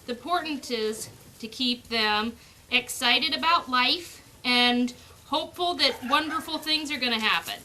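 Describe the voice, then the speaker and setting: A woman with a high, bright, ringing voice explains how she raises her pups, chatting easily and breaking into sing-song baby talk to them. She is recorded outdoors on a farm, and there is a faint hiss of noise behind her. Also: a little slow. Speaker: dog breeder. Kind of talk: casual explaining while handling puppies.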